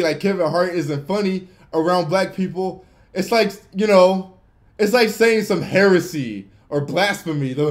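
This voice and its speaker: A young man hosting a livestream, ranting with lots of swearing and swinging between yelling and muttering. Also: sits high. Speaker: livestream host. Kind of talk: unscripted livestream rant.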